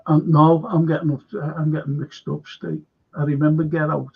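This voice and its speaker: A man hosting a casual film chat stream, excitable and reading out viewer comments. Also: fairly high pitch, moderate pace, vocal fry, slightly rough. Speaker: host. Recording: dull lo-fi stream audio.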